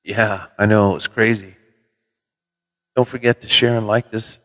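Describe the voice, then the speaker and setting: A middle-aged man from Minnesota hosts a casual livestream from his CB radio shop, spinning relaxed, folksy stories with the odd swear word. His voice sits a little low. The room gives it a long, hall-like reverb. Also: normal speed. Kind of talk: casual livestream chat with viewers. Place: CB radio shop in New Mexico.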